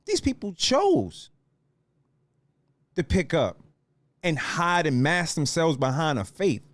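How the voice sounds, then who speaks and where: A man's voice: a little high, sing-song, slow pace. A man hosting a solo podcast, ranting heatedly at his audience with lots of swearing and lecturing. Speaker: podcast host.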